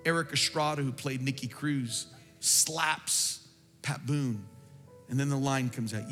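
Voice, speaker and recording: A man's voice: mid-range voice, steady tone, fairly bright tone. Fervent preacher man in a hall. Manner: building from brisk storytelling to fervent, emphatic preaching. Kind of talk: storytelling sermon. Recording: reverberant hall with faint music.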